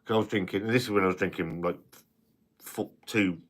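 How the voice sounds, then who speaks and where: A man with a deep, fairly even voice speaks briskly while hosting a casual live stream. He chats, reads viewer comments, and rambles, restarting often and swearing now and then.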